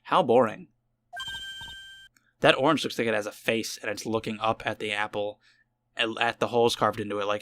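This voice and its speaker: Bright-voiced man joking crudely. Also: mid-range voice, brisk. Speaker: let's player. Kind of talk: casual gameplay commentary.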